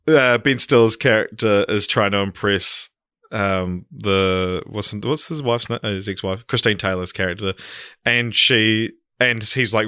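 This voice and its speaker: A young man on a podcast, telling a rambling story and laughing often. His voice is forceful and bright. The sound is close and dry. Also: lowish voice, smooth, no room sound. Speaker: podcast co-host. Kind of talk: casual chat.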